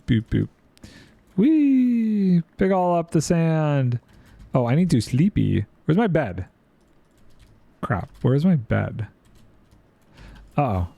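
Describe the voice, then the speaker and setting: A man's voice: medium pitch, gravelly, dark tone, dry recording, lo-fi sound. A man streaming a building game, chatting playfully and thinking aloud while reading chat. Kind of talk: casual gameplay commentary.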